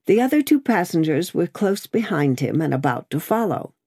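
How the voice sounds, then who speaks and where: A woman narrating an audiobook in a steady, measured reading voice. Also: lowish voice, breathy edge, no room sound, clean studio sound.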